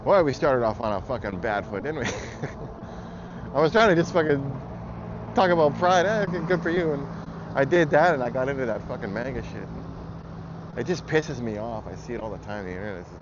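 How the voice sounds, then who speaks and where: In a vlog, a man rants angrily about politics in an expressive, medium-pitched voice at a moderate pace, blunt and heated with lots of swearing. Loud traffic noise sits behind the muffled audio.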